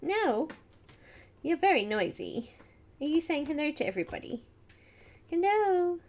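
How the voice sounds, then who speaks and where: Slow-talking Australian woman host. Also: sits high, sing-song, a little mellow. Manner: chatty, greets viewers by name, chats to her cat. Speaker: livestream host. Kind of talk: casual livestream chat.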